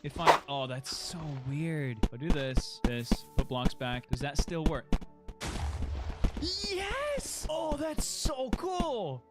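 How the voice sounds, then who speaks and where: Man, gameplay commentary, excitable, wildly swinging pitch, music behind. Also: slow pace. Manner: excitable, exclaiming, laughing often. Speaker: gaming video creator. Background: background music.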